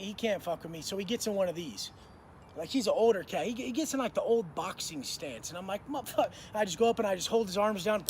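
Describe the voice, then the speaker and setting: A man's voice: high voice, a little hiss or hum. A man in his thirties telling prison stories in a blunt, profane, slang-heavy way. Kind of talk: casual storytelling to camera.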